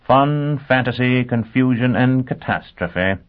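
A man voicing a cold, amused, ruthless spymaster who speaks in a smug, crisp way. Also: medium pitch, slow pace, pitched above the performer's own voice, lightly acted. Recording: tinny phone-like sound.

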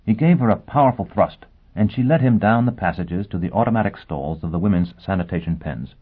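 A male narrator reads the story in a low, husky voice with a steady, measured delivery. The recording is thin and tinny, much like a phone line. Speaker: audiobook narrator. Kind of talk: scripted narration.

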